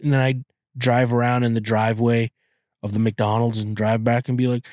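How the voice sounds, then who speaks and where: Talking at a normal speed with little pitch movement, a podcast host from Canada rambles and curses through a casual chat, often tripping over his words and beginning again. His medium, somewhat mellow voice comes through studio-quality audio with no room sound.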